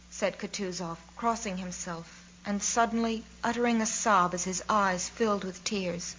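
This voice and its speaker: A woman narrating a classic novel in a measured, expressive reading. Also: mid-range voice, dull audio. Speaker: audiobook narrator.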